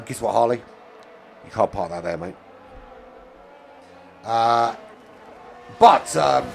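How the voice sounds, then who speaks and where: A man doing chatty commentary on an online sim race, with many fillers. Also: fairly low pitch. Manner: chatty, fillers, rises to excited calls on overtakes. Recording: music bed under the voice.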